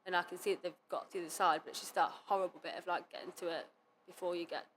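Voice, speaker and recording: A young adult woman speaking as a podcast guest, telling her story candidly in quick run-on sentences full of "like". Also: fairly low pitch, steady tone, fairly bright tone, slight background noise. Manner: fast, run-on speech full of "like" and quoted self-talk. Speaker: podcast guest, competitive cheerleader. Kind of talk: candid interview talk.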